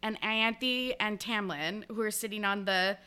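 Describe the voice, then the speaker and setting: A woman's voice: medium pitch, unhurried, pushed and bright, clean tone. A young woman co-hosting a podcast, chatting casually through a book recap and acting out characters' lines with lots of "like". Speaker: podcast co-host.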